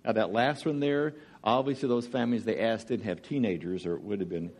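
A man's voice: on the low side, a little fast, a little mellow, a little hiss or hum. A man with a Southern accent from Georgia, preaching as a guest speaker in a chatty, joking, storytelling way. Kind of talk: sermon with jokes.

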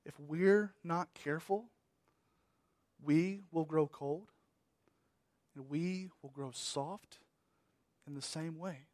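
A man preaching a sermon as pastor, repeating key words and swinging between emphatic raised passages and hushed, trailing phrases. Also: on the high side, takes it slowly, long pauses, no room sound.

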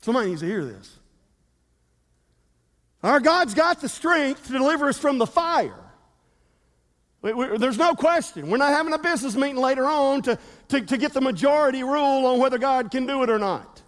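A man with a strikingly high voice preaches a sermon from the pulpit. He hammers his points through repetition and leads the congregation in call-and-response. His voice carries a long reverb through a large church sanctuary. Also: fairly quick, a bit bright. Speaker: pastor. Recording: reverberant hall.

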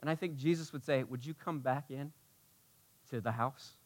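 A man preaching a sermon in a casual, conversational way, dropping to hushed tones and rising to near shouts with passion. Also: mid-range voice, normal speed. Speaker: pastor.

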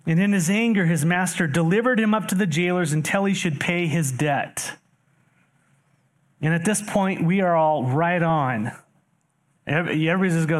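At a normal pace, a pastor whose voice is on the high side reads verses from scripture and unpacks them in his sermon. Speaking straight to the congregation, he poses rhetorical questions and lifts his voice animatedly to stress points.

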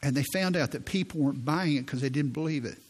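A man in his sixties, a pastor preaching a sermon in a church, telling stories in an earnest way and slowing down for quoted prayers. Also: a little high. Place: church sanctuary.

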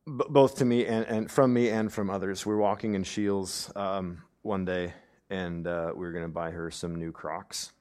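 A young adult male pastor preaching a sermon, swinging from emphatic outbursts to hushed, near-whispered passages, with conversational asides. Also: deep voice, fairly even intonation, moderate pace. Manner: conversational, with frequent "right?" asides.

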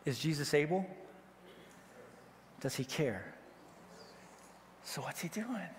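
A man from Wyoming preaching a sermon as pastor, animated and joking, acting out the voices he quotes. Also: a little high, slow, a little hiss or hum. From Wyoming, United States. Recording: long hall reverb.

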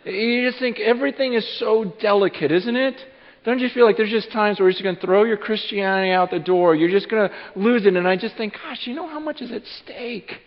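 High-voiced man preaching in a reverberant hall. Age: 30s. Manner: halting, repeats words, storytelling with lively acted-out asides. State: short on sleep. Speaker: pastor. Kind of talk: sermon. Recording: dull sound with long hall reverb.

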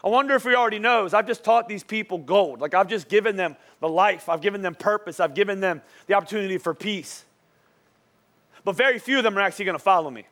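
A man's voice: sits high, quick pace, a bit bright. A young adult man preaching a sermon in a church, talking casually and energetically, often restarting and asking the crowd "right?". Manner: restarts and repeats words often. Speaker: pastor. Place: church auditorium.

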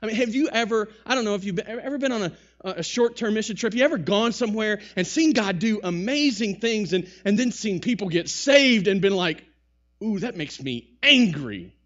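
A man preaching a sermon to a congregation in a church, talking with rising bursts and quick asides. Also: sits high, lo-fi sound. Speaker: pastor. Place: church sanctuary.

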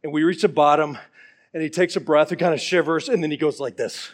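A man's voice: fairly high pitch, fairly even intonation, brisk. A middle-aged man preaching a sermon, earnest and pleading, telling stories along the way. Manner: earnest and pleading, with storytelling asides.

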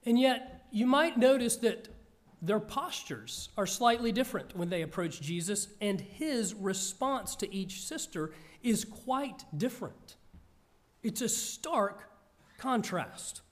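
Slow, high-voiced male preacher. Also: lively intonation. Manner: slow, measured, earnest delivery. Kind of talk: scripture reading and sermon.

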